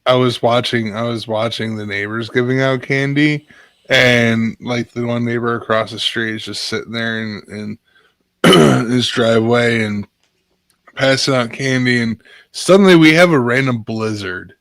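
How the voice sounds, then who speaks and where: A man in his thirties chatting casually, his voice smooth and clean with a close, dry sound. He wanders through anecdotes and leans on fillers as he goes. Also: mid-range voice, measured pace, fairly bright tone, no echo. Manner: rambling anecdotes full of fillers. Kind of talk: casual chat.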